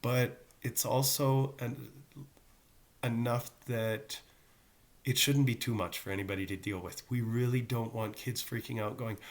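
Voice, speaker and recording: A man's voice: mid-range voice, fairly even intonation, measured pace. A middle-aged male teacher talking casually to his students, with joking asides. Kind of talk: casual recorded class talk.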